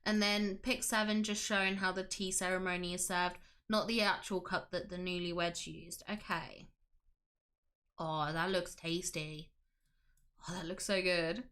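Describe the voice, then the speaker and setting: A woman's voice: on the low side, level tone, measured pace, a bit bright. A woman hosting a casual livestream, gushing with enthusiasm and reading chat aloud. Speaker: livestream host.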